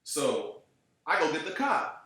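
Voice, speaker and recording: A man from Chicago tells a rambling road-trip story in a relaxed, animated street style, dropping curses and slang and checking in with his listener again and again. His voice sits a touch above the usual for a man. The recording is drenched in the echo of a bare, reflective room. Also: on the high side, unhurried. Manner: animated, profane, streetwise slang, keeps asking "you know what I'm saying". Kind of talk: casual storytelling. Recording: very echoey room.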